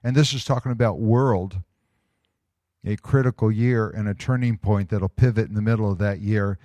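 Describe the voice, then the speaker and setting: A man giving a sermon as pastor, reading a prophetic word slowly and with emphasis, with casual asides in between. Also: lowish voice, warm tone, no echo. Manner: conversational asides with fillers.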